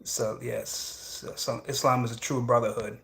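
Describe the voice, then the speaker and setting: A man's voice: medium pitch, level tone, moderate pace, vocal fry, fairly bright tone, slight background noise. Casting: young male streamer, loose and repetitive, mid-range voice, chatty. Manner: rambling, repeats phrases, frequent "you know what I'm saying". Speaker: livestream host reading chat. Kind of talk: casual livestream chat.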